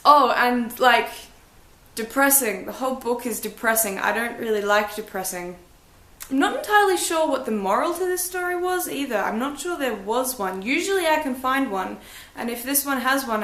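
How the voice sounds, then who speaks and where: Young female book vlogger, higher pitch, frank and self-mocking, roomy sound. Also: animated, moderate pace, a bit bright. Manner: blunt, chatty, self-deprecating. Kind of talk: casual book review vlog.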